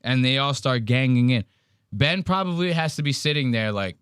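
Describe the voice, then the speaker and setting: Crude, animated male podcast host. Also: mid-range voice, normal speed, smooth, no room sound. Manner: crude, animated storytelling with mocking impressions. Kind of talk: casual podcast banter.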